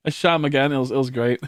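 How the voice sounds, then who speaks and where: A man in his late twenties streams to his viewers in a clear, resonant mid-range voice, with clean studio sound and no room noise. He chats casually and rambles, laughing a lot, swearing, and stammering into restarts.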